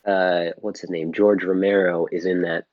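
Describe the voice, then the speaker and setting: A man's voice: deep voice, flat delivery, moderate pace, no room sound, lo-fi sound. A man co-hosting a podcast, rambling casually through a movie plot and swearing freely. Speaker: podcast co-host. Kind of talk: casual film-review chat.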